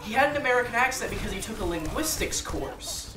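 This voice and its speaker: A man's voice: extremely high pitch, sing-song, brisk. Rambling man in an echoey room. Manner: rambling, with many fillers and restarts. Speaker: gaming channel host. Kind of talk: casual chat while gaming. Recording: roomy echo, distant mic.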